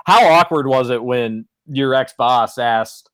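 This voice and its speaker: A man's voice: medium pitch, moderate pace, a bit bright. A man co-hosting a sports radio show, ranting in an exasperated way.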